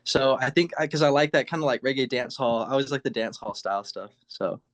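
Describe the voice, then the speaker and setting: A relaxed man chatting as a guest on a video call. He laughs easily and keeps restarting his sentences, in a plain, everyday voice. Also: mid-range voice, fast. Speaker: guest musician, producer. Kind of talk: casual video-call chat.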